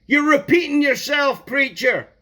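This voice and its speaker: Guy preaching slow and deliberate, keeps hammering the same words. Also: extremely high pitch, expressive, sharp tone. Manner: emphatic, repeats key words for stress. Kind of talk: sermon.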